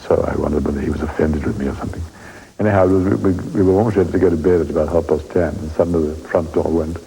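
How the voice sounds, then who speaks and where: A man's voice: very deep voice, steady tone, quick pace, vocal fry, warm tone, breathy edge, poor audio. An English man in his eighties telling wry theatre anecdotes in an interview, chuckling as he reminisces. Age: 80s. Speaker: veteran stage actor interviewed.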